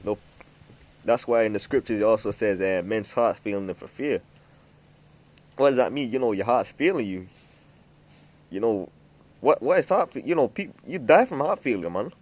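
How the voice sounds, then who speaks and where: A man's voice: lowish voice, lively intonation, moderate pace, pauses often, darkish tone. A man preaching from scripture in a loose, rambling way, full of fillers, restarts and the word "man". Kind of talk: informal scripture teaching.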